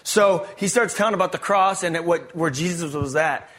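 An excitable man, preaching his testimony to a crowd. His voice sits a bit high, and he tumbles through slangy, energetic storytelling full of quick restarts. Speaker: speaker giving his testimony. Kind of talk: testimony preaching to a live audience.

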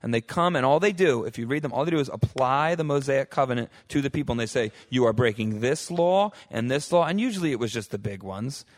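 A young man gives a casual Bible lesson to a group. He talks loosely, full of "like" and "right?", and slips into quick acted voices for the people in the stories. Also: medium pitch. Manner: animated, acts out quotes with voices; fillers like "like" and "right?". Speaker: bible teacher.

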